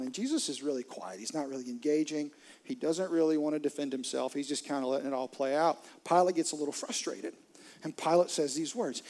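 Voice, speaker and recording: A man preaches a sermon as a dramatic storyteller, his slightly high voice sinking to hushed near-whispers and then swelling into loud bursts. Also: lively intonation, fast. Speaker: pastor.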